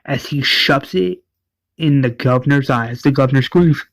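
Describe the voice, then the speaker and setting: A man's voice: medium pitch, moderate pace, no room sound, low-quality recording. A man casually recapping an episode, relaying each character's lines with "is like" and often restarting his sentences. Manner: retells scenes with "is like" quotes and frequent restarts.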